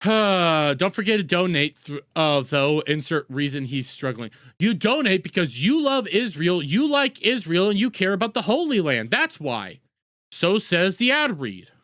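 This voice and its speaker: A man's voice: sits high, very animated, unhurried, a bit bright, dry recording, clean studio sound. A man doing crude, sarcastic reaction commentary as a streamer, mocking the people he watches.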